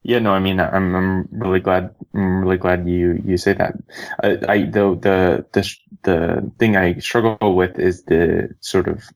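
A man calling in to an advice show, speaking hesitantly with halting restarts, a little away from the mic. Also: low voice, level tone, poor audio. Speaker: caller.

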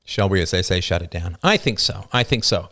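A middle-aged man hosting a live call-in philosophy show, talking with passion and emphasis, his voice a little rough. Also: low voice, animated, a little fast, sharp tone. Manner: passionate and emphatic, reads chat messages aloud. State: slightly rough voice.

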